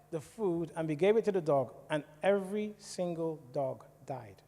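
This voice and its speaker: Man from the West Indies telling his story to a congregation in a chatty way; warm, somewhat high voice in a hall with long reverb. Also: animated, moderate pace, hardly any pauses. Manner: conversational, asks the audience questions. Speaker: church speaker. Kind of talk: testimony talk to a congregation. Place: church hall.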